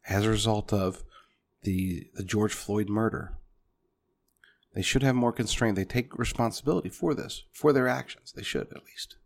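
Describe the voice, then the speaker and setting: A man's voice: on the low side, a little mellow. A man delivering a punchy political commentary monologue, speaking directly to his listeners as folks.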